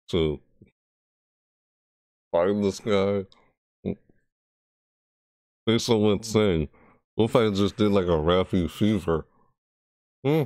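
Low gravelly man rambling over gameplay. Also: fairly even intonation, a little slow, long pauses, a little mellow, no room sound, clean studio sound. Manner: rambling, self-correcting, reads game text aloud. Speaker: gaming YouTuber. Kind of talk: casual gameplay commentary.

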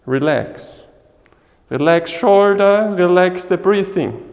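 A man leading a qigong class, giving short, slow instructions in simple English, likely a Chinese native speaker. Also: on the high side, a little mellow, long reverb tail. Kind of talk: guiding a live class.

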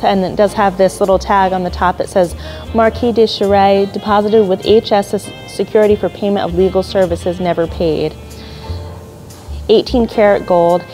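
A woman leads a preview of upcoming auction lots. She talks through each piece in a mellow, unhurried voice, with the odd filler and apology. Soft music plays faintly behind her. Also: mid-range voice, low-quality recording. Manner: describes items one by one, admiring, with small apologies and fillers. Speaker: auction house jewelry specialist.

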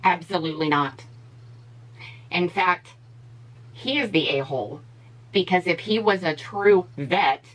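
A woman's voice: on the low side, animated, measured pace, long pauses, poor audio. A woman beauty vlogger giving blunt, opinionated commentary in a casual chat while she does her makeup.

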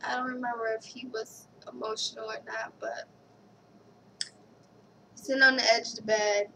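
A young woman talks in a candid, halting way, her voice somewhat high with a gravelly fry running through it. She sounds a little far from the mic, with faint room ambience behind her. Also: flat delivery, bright, forceful tone, a little hiss or hum. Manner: candid, halting, reads a card aloud. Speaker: vlogger. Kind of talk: casual personal storytelling.

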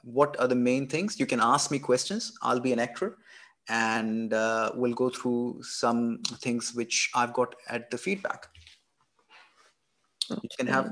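A male tutor guiding a candidate through practice over a video call. He is reassuring and friendly in how he talks, at a middle pitch. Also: unhurried, fairly bright tone. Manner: encouraging, reassuring. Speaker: exam tutor. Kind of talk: coaching over a video session.

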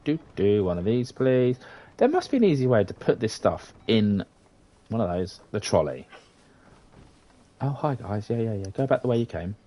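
A British man giving chatty let's-play commentary, muttering at the game with sing-song hums and sudden high exclamations. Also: sing-song, normal speed, long pauses, mellow. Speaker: gamer playing for his sons.

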